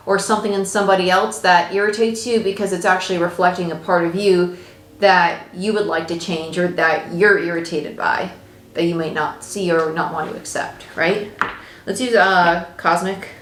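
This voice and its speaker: A woman with a fairly low voice talks through a tarot reading in a loose, chatty way, reassuring the listener and tossing in the odd swear word. Her voice rings in an echoey room over a faint background hiss. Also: fairly even intonation, normal speed, fairly bright tone. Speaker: tarot reader. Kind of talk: casual tarot reading monologue.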